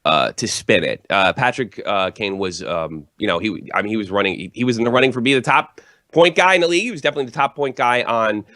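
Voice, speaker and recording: A hungover man with a lowish voice rambles about hockey in a casual chat. He swears freely and keeps stumbling over fillers and restarts. The sound is dry, with no room echo. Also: fast talker, sharp tone. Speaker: hockey channel host, guest. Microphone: Skype call.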